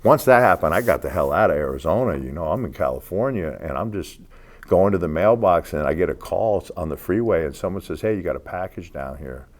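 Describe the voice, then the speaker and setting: An interview guest in his sixties spins stories with a streetwise, foul-mouthed edge, voicing other people's lines as he quotes them. He has a deep, animated voice and talks briskly.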